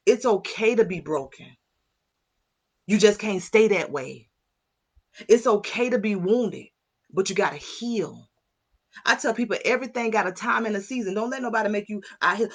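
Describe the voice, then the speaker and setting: A middle-aged woman, a mindset coach, speaking with impassioned, preacher-like fervor and calling out to her listeners. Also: medium pitch. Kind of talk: motivational talk to viewers.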